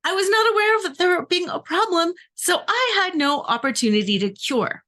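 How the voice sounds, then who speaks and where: A woman's voice: extremely high pitch, lively intonation, normal speed, pushed and bright. A middle-aged woman, a relationship coach, talking emphatically and conversationally to her viewers. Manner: emphatic, conversational, acts out quoted voices. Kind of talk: direct-to-camera coaching talk.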